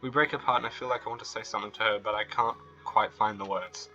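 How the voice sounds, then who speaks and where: Bright-voiced young man reading a game aloud. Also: fairly low pitch, quick pace, dull audio, soft background music. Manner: reads narration, then breaks out in excited, flustered reactions. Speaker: gamer reading a visual novel aloud.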